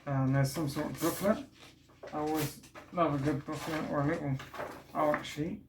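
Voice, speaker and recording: A man's voice: a little high, fairly even intonation, moderate pace. A man hosting a casual vinyl unboxing vlog, chatty and enthusiastic, often trailing off and restarting. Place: indoors at home, street works outside. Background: faint building work noise from outside.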